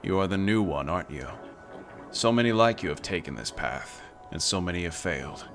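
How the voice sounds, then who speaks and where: A man's voice: low-pitched, lively intonation, fairly quick, a bit bright, faint music behind. A man reading aloud the solemn warnings of an ancient voice beneath the desert in a game.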